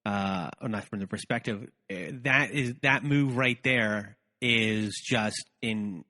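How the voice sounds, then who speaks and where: A man's voice: lowish voice, takes it slowly, pushed and bright, big-room sound. A man hosting a podcast, responding thoughtfully and hunting for words with frequent restarts. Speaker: podcast host. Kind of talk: reflective conversation.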